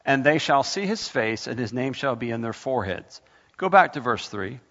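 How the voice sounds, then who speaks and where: A male pastor preaches with a gravelly edge, driving his points home with repeated rhetorical questions. The sound is dull and carries a long church echo. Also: medium pitch, expressive, moderate pace, fairly bright tone. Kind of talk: sermon.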